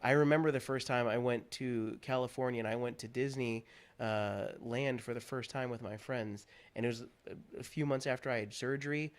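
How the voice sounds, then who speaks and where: An earnest man from Pennsylvania speaks candidly as a talk show guest. His voice sits at an ordinary middle pitch. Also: moderate pace. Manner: earnest, candid, animated when moved. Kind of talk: personal story in a talk show interview.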